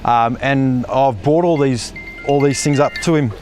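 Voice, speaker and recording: A man, a stressed tradesman talking haltingly on a building site, saying mate often. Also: mid-range voice, a little mellow, soft background music.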